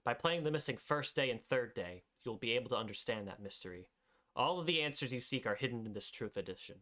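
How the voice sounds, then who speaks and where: A man's voice: mid-range voice, animated, quick pace, sharp tone. Man streamer reading game text aloud. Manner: stumbles, then reads narration smoothly.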